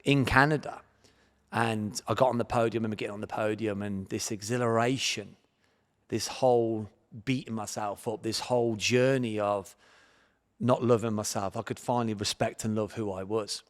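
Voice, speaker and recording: Man with an English accent telling a lively life story in a reverberant hall. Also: on the low side, moderate pace. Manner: animated storyteller, acts out his own past thoughts. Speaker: guest, martial arts champion. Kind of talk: storytelling podcast interview.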